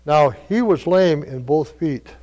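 A man preaching a sermon, telling stories in a folksy way that moves between quiet asides and loud calls. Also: on the high side, expressive, slow pace. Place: church. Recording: long reverb of a church hall.

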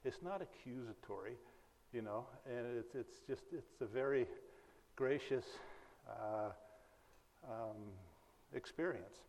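A man's voice: mid-range voice, takes it slowly, long pauses, darkish tone. A man from the Berkeley, California area giving an informal sermon, telling personal stories in a conversational, folksy way and chuckling at his own jokes. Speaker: preacher. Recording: long hall reverb.

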